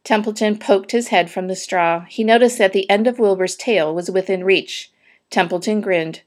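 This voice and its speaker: A woman narrating a children's book aloud, with steady storytelling and a few small slips. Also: medium pitch, normal speed.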